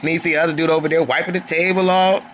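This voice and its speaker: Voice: mid-range voice, little pitch movement, very fast, fairly bright tone, a little hiss or hum. A reality show reviewer recapping an episode in a sassy, chatty way, calling listeners honey and girl.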